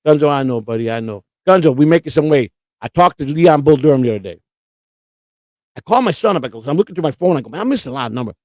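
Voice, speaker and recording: A man's voice: on the high side, lively intonation, fast, a little mellow, no room sound. Combative, rambling middle-aged man. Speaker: livestream host. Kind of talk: casual live-stream chat.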